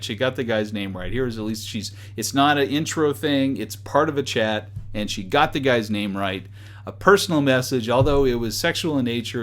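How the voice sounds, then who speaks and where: Man, mid-pitch, reviewer voice, chuckly and sarcastic in a casual commentary. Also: fairly bright tone. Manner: amused, chuckling between remarks; wry, sarcastic asides. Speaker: dating site reviewer.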